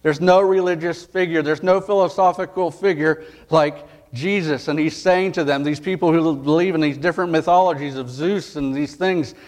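A male pastor reading scripture and preaching a sermon, earnest and emphatic, rising in pitch and force at key points. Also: steady tone, moderate pace, hardly any pauses.

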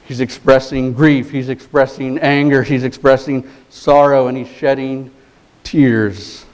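A man's voice: medium pitch, steady tone, unhurried, a little mellow, highs cut off. Man, pastor, sermon, earnest, emphatic, repeats phrases for weight.

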